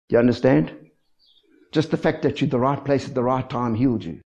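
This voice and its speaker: A man preaching a lively sermon as pastor, often checking in with the congregation. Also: mid-range voice, a little fast. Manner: lively preaching with frequent call-and-response asides. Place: church. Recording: dull lo-fi church recording.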